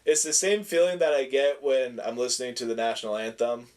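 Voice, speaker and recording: Podcast co-host, male, slight lisp, mid-pitched, rambling opinionated chat. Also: fairly quick. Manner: rambling, self-correcting, animated opinions. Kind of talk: casual chat.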